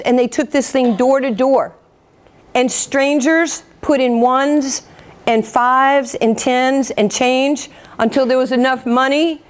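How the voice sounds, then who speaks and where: A New York-raised woman in her fifties gives a lively motivational speech to a group. She acts out the people in her stories and pokes fun at herself. Her voice sits fairly high. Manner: animated, acts out quotes, self-mocking humor. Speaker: motivational speaker.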